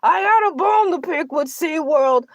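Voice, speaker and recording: A woman's voice: high-pitched, expressive, a little slow, no echo. A woman voicing a boastful, self-pitying male shark who hosts a comedic livestream and rambles through melodramatic complaints. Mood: rambling. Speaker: livestream show host in character. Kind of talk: comedic character livestream monologue.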